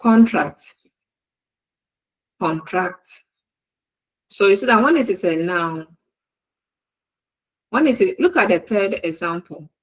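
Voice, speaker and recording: In a poorly recorded university lesson, a woman lecturer with a Ghanaian English accent speaks in an expressive, mid-range voice. She proceeds slowly and deliberately, restating her examples word for word.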